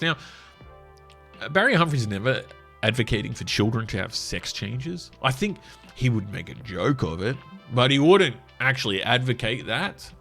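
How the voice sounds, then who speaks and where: Australian man, casual commentary, blunt and sweary, lively swinging pitch. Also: measured pace, gravelly, slightly rough, faint music behind. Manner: blunt, profane ranting. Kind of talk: casual commentary while scrolling a social media feed.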